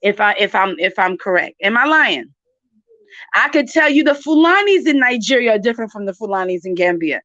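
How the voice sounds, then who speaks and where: A woman's voice: mid-range voice, very animated, brisk, bright, forceful tone, dry recording. A woman, talking emphatically and directly to her viewers in a casual chat. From New York. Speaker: channel host. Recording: dry, dull lo-fi sound.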